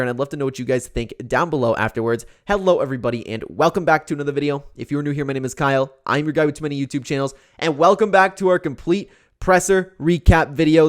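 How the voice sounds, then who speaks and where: A man giving a casual, opinionated commentary recap as a YouTube MMA commentator, talking freely with lots of fillers. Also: medium pitch. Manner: chatty, opinionated, filler-heavy.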